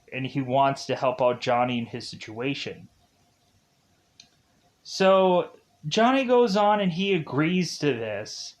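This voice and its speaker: A man recapping a movie in a loose, rambling way, with a middle-pitched voice. He laughs often and leans on filler words as he tells the story. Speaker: film reviewer. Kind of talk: casual spoken film recap.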